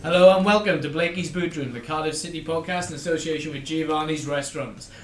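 A man hosting a sports podcast, presenting in a brisk, upbeat way. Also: on the high side, soft background music. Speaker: podcast host. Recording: echoey room, faint noise.

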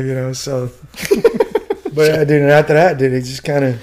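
A man from the United States spins an old army tale at a rapid clip, peppering it with dude, bro and swearing. His voice sits a little high for a man, and he laughs often as he talks. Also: a little mellow. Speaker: guest, retired Army warrant officer. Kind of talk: casual storytelling.

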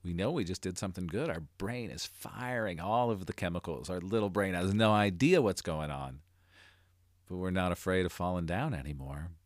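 A man hosting a motivational podcast as a life coach, talking earnestly and building to emphatic, animated delivery. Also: low voice, moderate pace, dry recording, studio quality.

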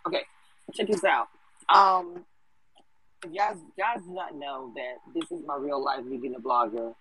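A man's voice: fairly high pitch, unhurried, bright, forceful tone, poor audio. A tired man hosting a live audio chat room, casual and chatty, calling on speakers with "y'all" and "bro". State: tired from a long day awake.

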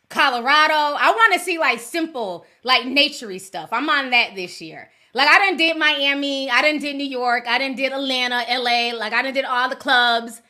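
A middle-aged woman chats casually on her livestream, slangy and quick to laugh. Her voice sits high and rings bright. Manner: chatty, laughs often, slangy. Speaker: livestream host. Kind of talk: casual livestream chat with viewers. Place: home in Minnesota.

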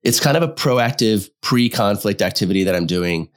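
Deep-voiced male therapist, casual podcast chat, thoughtful and halting. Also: lively intonation. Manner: thoughtful, halting, restarts phrases while explaining. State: slightly unwell. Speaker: couples therapist, podcast co-host.

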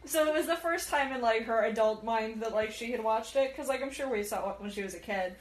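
A woman's voice: a little high, brisk. A woman co-hosting a podcast, telling stories in casual chat with lots of "like" and swearing. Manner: rambling, full of "like", swears. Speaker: podcast co-host. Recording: roomy echo.

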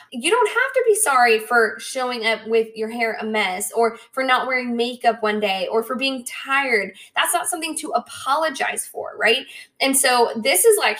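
A young adult woman hosting a podcast in a loose, chatty monologue. Her voice is bright and sits fairly high, and she keeps checking in with "right?" while she acts out little quoted asides. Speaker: podcast host.

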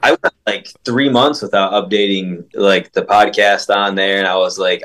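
Deep-voiced easygoing male host. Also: steady tone, moderate pace, fairly bright tone, rough recording. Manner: easygoing, laughs along, says "dude" and "man". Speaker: podcast host. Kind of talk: casual podcast chat.

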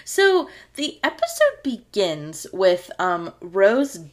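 Animated chatty woman podcast co-host. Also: mid-range voice, slow. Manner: chatty, animated, laughs often. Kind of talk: casual chat recapping a sitcom episode.

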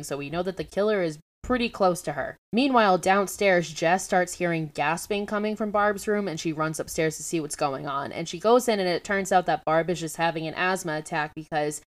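A young woman hosting a podcast, recapping a horror film in a casual, profane and sarcastic storytelling manner. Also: lowish voice. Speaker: podcast host.

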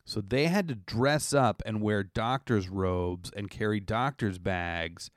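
A man's voice: lowish voice, slow pace, no room sound, clean studio sound. A man co-hosting a podcast, telling a story in a joking, rambling way. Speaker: podcast co-host. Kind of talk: casual chat.

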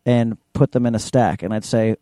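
A middle-aged man co-hosting a podcast, ranting animatedly in casual chat and mimicking others in high voices. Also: fairly even intonation, moderate pace, warm tone, dry recording. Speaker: podcast co-host.

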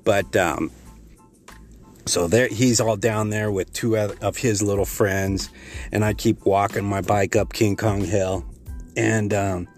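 Deep-voiced man telling a rambling story. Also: fairly even intonation, takes it slowly, soft background music. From Texas. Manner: rambling, profane, many fillers and restarts. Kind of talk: casual spoken storytelling.

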